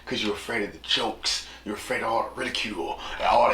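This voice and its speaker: A man's voice: mid-range voice, very animated, normal speed, pushed and bright. Norcal guy rambling on his podcast, does little voices for people, echoey room, noisy background. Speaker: podcast host. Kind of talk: casual solo podcast monologue.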